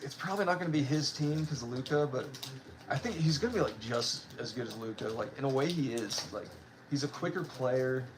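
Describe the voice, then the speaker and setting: A man's voice: mid-range voice, lively intonation, a little fast, noisy background. A young man in casual chat, rambling with many fillers while he opens trading cards. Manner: rambling, filler-heavy, with restarts. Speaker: card-opening vlogger.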